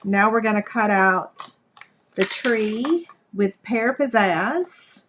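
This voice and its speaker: Slow and animated, her mid-range voice comes through with some background noise. She's a craft livestream host giving a live demonstration, talking to viewers in a chatty, folksy way while she works.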